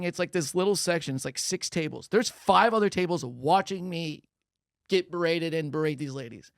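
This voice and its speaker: Gravelly-voiced man telling animated stories. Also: moderate pace, no room sound, clean studio sound. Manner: animated, acts out quotes with big pitch jumps. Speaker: podcast co-host, comedian. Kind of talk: casual storytelling chat. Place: podcast studio.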